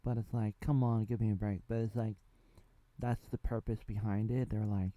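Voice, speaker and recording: A man's voice: medium pitch, normal speed, warm tone, no echo. A man in his thirties from the United States, giving a casual spoken TV review in a rambling way with lots of fillers. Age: 30s. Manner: rambling, full of fillers and asides. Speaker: TV show reviewer.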